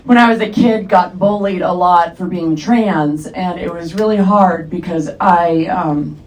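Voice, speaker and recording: A young woman with a deep voice performing a stand-up comedy set with a dry, deadpan delivery on a comedy club stage. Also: measured pace, low-quality recording.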